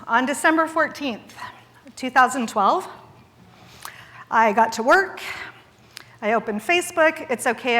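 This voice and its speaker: Woman in her forties, bright and high-pitched, candid and wry, speaking in a reverberant hall. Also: a little hiss or hum. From Idaho, USA. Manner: earnest and candid, with wry self-deprecating humor. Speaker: guest speaker at a charity gala. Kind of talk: public speech. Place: large event hall.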